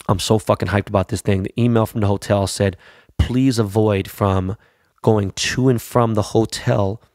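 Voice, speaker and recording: A man's voice: fairly low pitch, vocal fry, darkish tone, no echo, studio quality. A middle-aged man hosting a podcast, rambling through a casual, profane and hyped monologue. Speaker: podcast host.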